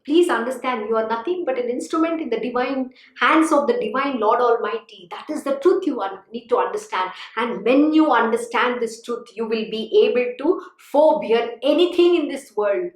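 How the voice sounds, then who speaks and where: A woman with a high voice delivers an earnest, exhorting spiritual discourse, urging her listeners on and often saying "you know". Her voice rings in an echoey room. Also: lively intonation, moderate pace, few pauses. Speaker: spiritual teacher. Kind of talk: devotional discourse.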